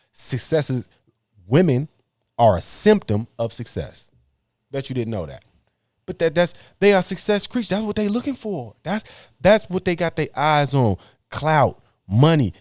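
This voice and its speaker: A young man on a podcast mic delivering a blunt, slangy sermon about toughening up and working harder. His voice sits at an ordinary pitch and sounds close and dry, with no room around it. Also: darkish tone, dry recording. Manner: blunt, preachy, slangy motivational talk. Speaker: podcast host. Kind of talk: casual podcast debate, preachy monologue.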